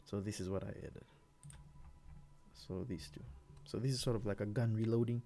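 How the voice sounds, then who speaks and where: Man, low voice, music producer, relaxed rambling explanation, home studio tutorial. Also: moderate pace. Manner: relaxed, rambling, many fillers and restarts. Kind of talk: casual screen-recorded tutorial.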